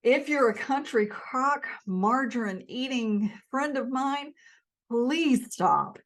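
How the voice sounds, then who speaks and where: A woman's voice: high voice, expressive, slow pace. A middle-aged woman with a Southern accent, chatting to camera in an emphatic, repetitive way about food. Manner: chatty, emphatic, with restarts and repeats. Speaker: health vlogger. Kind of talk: casual talk to camera.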